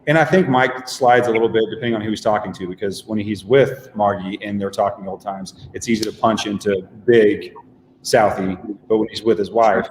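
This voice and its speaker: Low-voiced actor in an echoey room. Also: male voice, fairly quick, slight background noise. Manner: relaxed, reflective, many ums and restarts. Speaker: stage actor. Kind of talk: casual chat. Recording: echoey room with long reverb.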